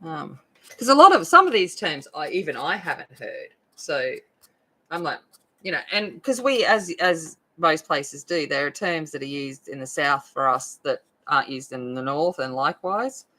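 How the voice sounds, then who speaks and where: Her voice is low-pitched, sing-song and a bit bright, moving at a moderate pace over a low-quality recording. She's an Australian host of an adult coloring video, chatting casually and rambling with many fillers while she colors.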